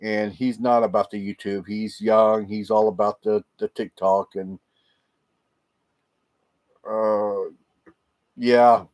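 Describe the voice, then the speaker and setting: A man's voice: lowish voice, flat delivery, slow pace, long pauses, a little mellow. A man chatting casually on a livestream, rambling and laughing often. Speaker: livestream host. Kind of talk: casual live chat with viewers. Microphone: laptop microphone.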